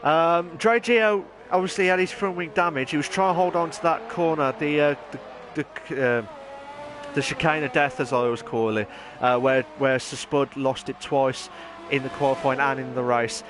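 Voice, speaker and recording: A man giving chatty live commentary on an online racing league, rambling and then bursting into excited shouts. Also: a little high, normal speed. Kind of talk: live esports race commentary.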